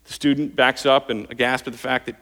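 A man preaches in an earnest sermon voice, pushing harder when he drives a point home. His voice sits at an ordinary middle pitch. A long reverb trails his words, as in a large church sanctuary. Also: little pitch movement, brisk, sharp tone. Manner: earnest preaching, rising in intensity on key points. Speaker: pastor.

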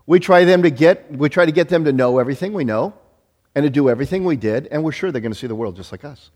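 A middle-aged male pastor preaching a sermon, telling self-deprecating stories in an animated way with frequent restarts. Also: fairly high pitch, quick pace. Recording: long reverb of a hall.

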